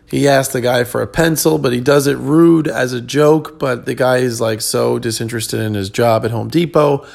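Tired, gravelly-voiced comedian rambling. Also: male voice, mid-range voice, fairly even intonation, moderate pace, darkish tone. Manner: rambling, many ums and restarts. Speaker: comedian podcast host. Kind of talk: casual solo chat.

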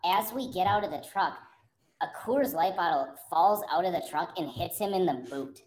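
A woman's voice: lowish voice, normal speed, a little mellow, reverberant. A woman telling a long story in casual chat, laughing often and acting out the other people's lines. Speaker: podcast co-host telling a story.

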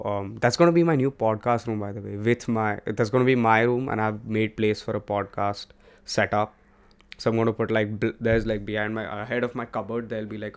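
A young man with an Indian English accent hosting a solo podcast at home, talking in a candid, profane, rambling way. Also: fairly low pitch. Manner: candid and profane, switches between English and Hindi. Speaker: podcast host. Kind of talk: casual solo podcast monologue. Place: room at home.

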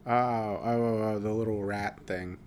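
A man's voice: on the low side, steady tone, unhurried, a little mellow, a little hiss or hum. A young man co-hosting a casual podcast, teasing his partner and often restarting his sentences. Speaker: podcast co-host. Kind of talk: casual chat.

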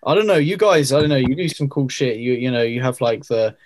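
A man's voice: mid-range voice, lively intonation, brisk, a little mellow. A young man from the UK chatting casually, hesitant and fond of tag questions. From United Kingdom. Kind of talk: casual chat.

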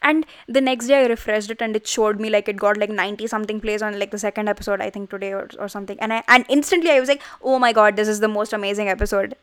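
A woman's voice: mid-range voice, rapid-fire, hardly any pauses, clear, resonant tone, dry recording. A young woman hosting her own podcast, rambling casually with lots of fillers, close to the microphone. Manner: rambling, lots of "like", animated self-talk. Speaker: podcast host. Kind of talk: casual solo podcast chat. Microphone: close studio microphone.

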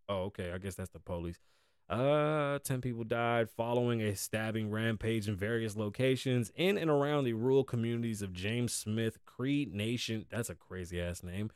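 A man hosting a podcast in casual chat, blunt and profane, shifting between low, weary venting and loud, hyped bursts. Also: lively intonation, a little slow, smooth, no room sound, studio quality. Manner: profane, blunt and frank, slangy. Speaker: podcast host.

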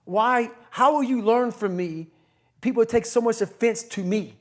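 A man's voice: very high voice, measured pace. A middle-aged man speaking as an interview guest, blunt, profane and emphatic in an intense motivational way. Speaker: podcast guest.

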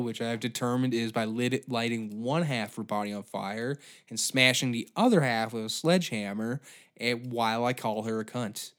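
Here a podcast host speaks at normal speed in a medium-pitched voice, ranting comedically. He curses constantly, meanders, and punctuates it all with exaggerated outbursts.

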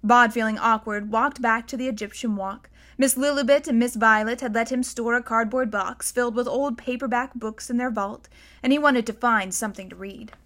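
Woman reading a storybook aloud, slightly high voice, steady and unhurried. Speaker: narrator. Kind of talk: audiobook narration.

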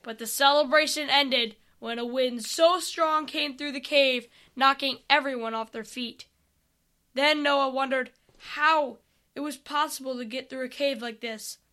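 A woman reading a fantasy adventure story aloud in a slow, even storybook manner. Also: high voice.

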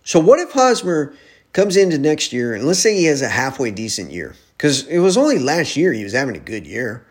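A man's voice: medium pitch, sing-song, fairly quick, husky. A young man in a casual sports rant, profane and heated, arguing back at imagined critics. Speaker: sports podcaster.

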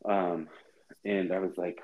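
A man co-hosting a podcast, telling stories in a chatty, dramatic, animated way. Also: deep voice, slow pace, phone-quality sound. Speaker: podcast co-host. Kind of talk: casual chat.

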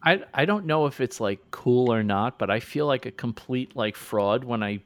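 A man in his forties hosting a podcast in casual chat, animated and self-mocking, acting out quoted lines. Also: mid-range voice, normal speed, no room sound. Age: 40s. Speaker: podcast host.

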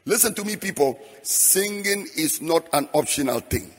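A man's voice: a little high, expressive, moderate pace, breathy edge. Preaching man in a reverberant hall. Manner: rhythmic preaching, breaking into sung phrases. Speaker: pastor. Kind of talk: sermon. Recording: long hall reverb, faint music behind.

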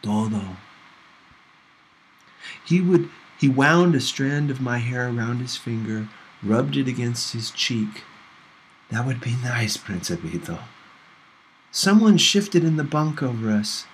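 Man narrating a novel for students, mid-range voice, steady and gentle; faint hiss behind. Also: medium pitch, low-quality recording. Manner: measured, gentle first-person narration. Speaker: audiobook reader for a class. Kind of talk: reading a novel aloud.

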